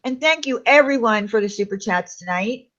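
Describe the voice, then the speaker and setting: A woman's voice: on the high side, lively intonation, moderate pace, fairly bright tone. Woman hosting a live chat, laughs a lot, kinda muffled lo-fi sound. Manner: chatty, laughs often, trails off. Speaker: livestream co-host.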